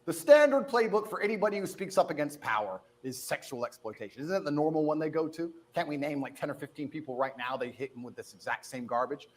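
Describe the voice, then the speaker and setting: This man's voice runs on the high side and is expressive, with a little hiss or hum in the audio. He's in his thirties, a guest in an interview, replying quick-talking, assertive, and defiant.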